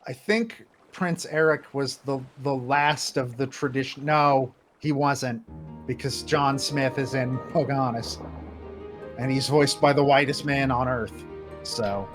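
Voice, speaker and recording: A man's voice: mid-range voice, steady tone, unhurried, soft background music. A man streaming a game, giving casual, sarcastic commentary and swearing freely as he talks over the cutscenes. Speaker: let's-play streamer.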